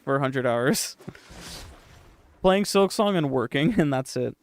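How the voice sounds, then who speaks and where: A man's voice: medium pitch, lively intonation, a little slow. A young man streaming a game, chatting casually with his chat in a sarcastic, profane, rambling way.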